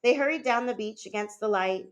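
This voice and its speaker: A teacher reading a novel aloud in a measured, steady way, with a few small fillers and restarts. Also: female voice, fairly high pitch.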